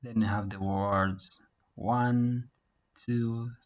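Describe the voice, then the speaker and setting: A man teaching a beginner Mandarin class over a video call, saying words slowly for learners to repeat. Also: medium pitch, fairly even intonation, rough recording. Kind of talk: online language lesson.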